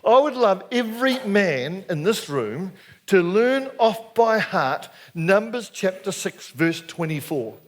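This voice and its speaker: An older Anglican preacher with a New Zealand accent, telling stories to a hall of men. His voice sits high and swings widely up and down. He keeps it chatty and playful, often throwing questions out to the crowd. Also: takes it slowly. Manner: lively, jokey, chatty, asks the crowd questions. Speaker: Anglican minister, speaker. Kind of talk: storytelling sermon to a men's gathering.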